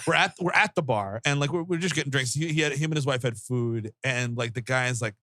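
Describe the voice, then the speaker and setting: A man's voice: medium pitch, fast, bright, forceful tone, slight background noise. A man co-hosting a comedy movie podcast, telling a rambling story full of restarts and laughter. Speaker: podcast co-host. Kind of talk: casual comedic movie chat.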